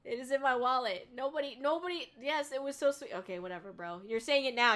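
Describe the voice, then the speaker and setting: A young woman streamer chats loosely with her viewers in a bright, slightly high voice. She rambles, swears freely, and thanks her audience with bursts of excited shrieking. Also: fast. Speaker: VTuber streamer. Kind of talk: casual live-stream chat.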